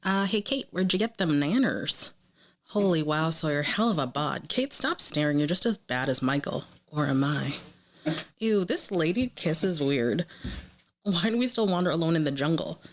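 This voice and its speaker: Woman, low voice, podcast co-host, casual chat, wry, teasing. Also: lively intonation, normal speed. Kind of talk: casual chat and read-out reactions.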